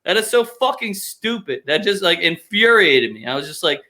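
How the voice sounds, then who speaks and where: A man with a fairly high, bright and forceful voice hosts a casual sports podcast. He rants in a profane, sarcastic way. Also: big pitch swings, moderate pace. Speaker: podcast host.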